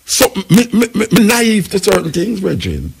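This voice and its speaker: Gravelly Jamaican man hosting talk radio. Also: sits high, huge pitch swings, normal speed. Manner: Jamaican patois, speculative, argumentative. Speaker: radio talk show host.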